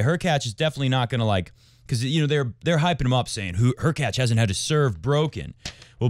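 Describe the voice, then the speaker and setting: In studio-quality sound with no echo, a medium-pitched man who coaches tennis and hosts a podcast about it talks casually about the sport. His commentary wanders and jumps between tangents.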